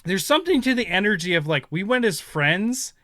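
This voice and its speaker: A bright, forceful man in his thirties tells rambling stories in casual chat. He laughs often and acts out what others said, heard close and dry on the mic. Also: high-pitched, very animated, brisk, no room sound. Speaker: podcast host.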